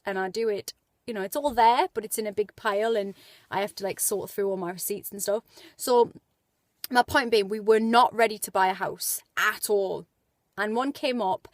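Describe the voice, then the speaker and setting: A woman's voice: medium pitch, no echo. A woman, chatting in a casual motivational vlog with lots of fillers. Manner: chatty and animated, with many fillers. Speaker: vlogger. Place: indoors as light fades.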